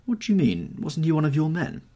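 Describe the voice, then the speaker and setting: A man's voice: fairly high pitch, big pitch swings, brisk, warm tone, pitched above the performer's own voice. A man voicing an anxious, haughty young aristocrat in an audiobook reading, rising to urgent alarm.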